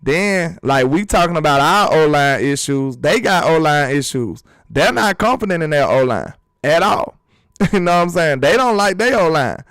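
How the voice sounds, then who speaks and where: A man hosting a casual sports talk vlog, animated and emphatic, full of rhetorical questions. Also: a little high, normal speed, no room sound. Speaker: sports channel host.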